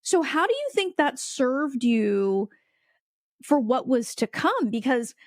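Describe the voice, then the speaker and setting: High-voiced, enthusiastic woman host. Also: sing-song, slow, a little mellow, no room sound, studio quality. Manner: enthusiastic, affirming. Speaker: podcast host. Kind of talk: interview conversation.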